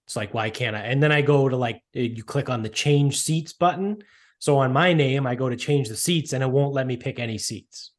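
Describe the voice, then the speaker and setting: A man tells a rambling story in casual chat, peppered with swearing and filler. His voice sits at an ordinary middle pitch, and he keeps the telling loose and animated. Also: moderate pace. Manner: profane, rambling, animated retelling.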